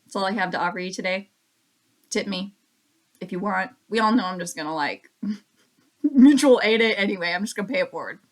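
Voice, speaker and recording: A woman reads oracle cards for her viewers in a relaxed, chatty way, at a middle pitch. She repeats each affirmation slowly for them to say along. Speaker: card reader. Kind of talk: casual oracle card reading for viewers.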